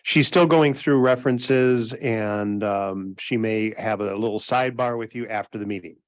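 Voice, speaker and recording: Brisk man chairing a meeting. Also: lowish voice, no echo. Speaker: committee chair.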